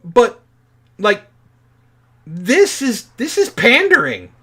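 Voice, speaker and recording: A man in his forties with a notably high-pitched voice, chatting casually as a podcast co-host. He tells his stories in an animated way, swearing freely as he goes. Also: takes it slowly, husky. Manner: profane, animated storytelling. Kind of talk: casual chat.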